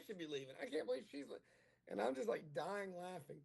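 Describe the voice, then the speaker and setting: A male comedian in casual chat, telling a rambling, crude, self-mocking story and acting out every line of dialogue. His voice is gravelly and husky, sitting a little high for a man. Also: expressive, fast, a little mellow. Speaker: comedian guest.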